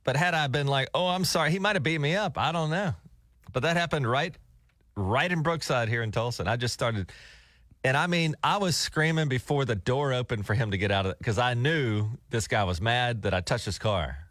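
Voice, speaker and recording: A middle-aged man hosting a radio show, telling stories in an animated, casual way and laughing often. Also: mid-range voice, brisk, dry recording, studio quality. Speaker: radio host. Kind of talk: casual on-air chat. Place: radio studio.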